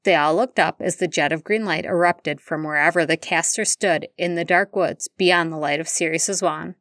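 A woman reading fan fiction aloud in steady, even narration. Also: lowish voice, no echo, studio quality. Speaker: audiobook reader.

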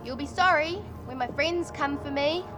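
A woman's voice: high voice, moderate pace, music in the background, natural voice. A woman voicing a plucky young girl. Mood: defiant. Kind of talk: animated series dialogue.

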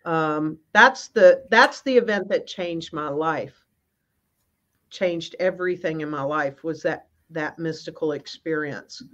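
A woman guest minister telling a personal spiritual story on a video call, in an earnest, halting way with many restarts. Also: low-pitched. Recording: slightly muffled.

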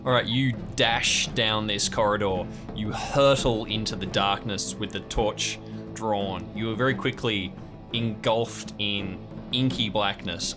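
A young man narrating a tabletop game as game master, describing scenes in a suspenseful storytelling manner. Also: on the low side.

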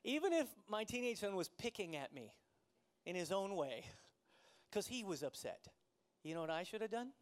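High-pitched guy preaching, chatty storytelling sermon, laughs at himself a lot. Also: very animated, normal speed. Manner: conversational storytelling, self-deprecating, laughs often. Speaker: pastor.

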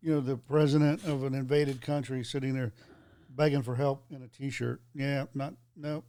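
A man's voice: medium pitch, flat delivery, normal speed, warm tone, dry recording. A man talking bluntly and dismissively in a casual chat.

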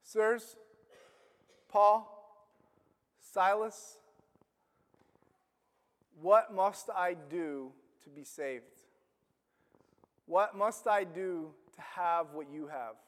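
A preacher voicing a desperate, pleading jailer. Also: male voice, big-room sound. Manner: pleading, slow and low. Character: desperate trembling male jailer begging.

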